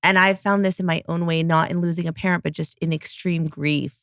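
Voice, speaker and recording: A woman hosting a podcast interview, speaking effusively and warmly about her guest. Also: lowish voice, steady tone, fairly quick, clean tone, dry recording, studio quality. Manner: effusive, gushing. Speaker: podcast host. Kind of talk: conversational interview.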